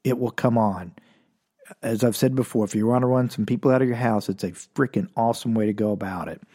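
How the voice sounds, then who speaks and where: A man from Oklahoma, a podcast host telling a comic story with wry asides, loud punchlines and low muttered remarks. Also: fairly quick. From Oklahoma, USA.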